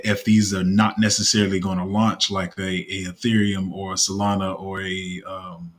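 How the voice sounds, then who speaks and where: A man giving casual commentary as a crypto YouTuber, rambling with lots of fillers and restarts, his throat a bit rough. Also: low-pitched, fairly bright tone.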